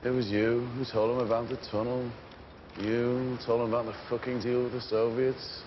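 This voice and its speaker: An actor playing a controlled gang boss, clipped and measured, explosive when crossed. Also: male voice, medium pitch, level tone, a little hiss or hum, close to an everyday voice. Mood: cold. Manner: measured and clipped, then furious shouting. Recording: muffled series audio with loud ambience.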